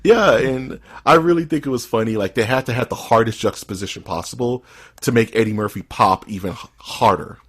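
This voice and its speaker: A man with a husky, somewhat breathy voice talks as a podcast co-host. His delivery is animated and loose, full of jokes and quick laughs, and his pitch sits in an ordinary middle range. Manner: animated, laughing, says dude and dog a lot. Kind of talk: casual podcast chat.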